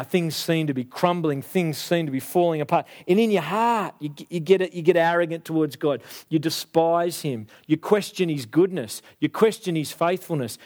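A young adult man preaching a sermon, animated and acting out the voices of biblical figures. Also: on the high side.

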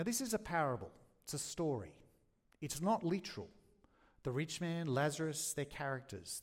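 A man's voice: a little high, darkish tone. A man preaching an expository sermon in an earnest, grave teaching tone. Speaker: pastor.

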